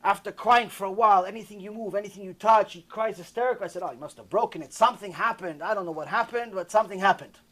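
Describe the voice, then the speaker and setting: A rabbi telling a sermon story in an animated, repetitive way, acting out the dialogue himself. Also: male voice, sits high, fast talker, hardly any pauses.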